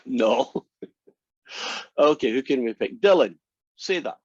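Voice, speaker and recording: Here a male math instructor lectures on derivatives in his calculus class, adding teasing, wry asides along the way. His mid-range voice is animated yet slow and a little mellow. The recording sounds muffled and dry, with no echo.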